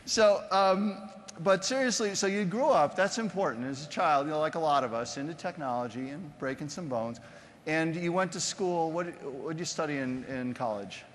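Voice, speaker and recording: A man's voice: fairly high pitch, lively intonation, moderate pace, slight background noise. A man hosting an onstage interview, jokey and loose, with lots of fillers. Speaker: host, interviewer. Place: conference stage before an audience. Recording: long hall reverb from stage.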